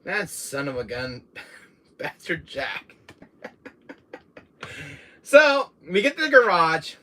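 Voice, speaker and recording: A man's voice: fairly high pitch, sing-song, slow pace, sharp tone. A man streaming, retelling a game run with frequent laughter and swearing. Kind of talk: live stream storytelling.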